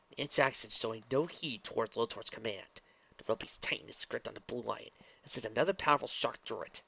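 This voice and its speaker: A man reading a fanfic story aloud as narrator, in a quick, lively manner. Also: mid-range voice, creaky, husky, no room sound. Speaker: fanfic reader. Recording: dull lo-fi recording, dry.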